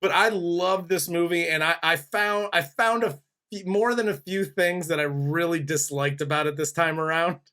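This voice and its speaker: A man in his forties hosts a relaxed movie review chat, easygoing and often laughing. His voice sits a bit higher than most men's. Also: normal speed. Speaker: podcast host.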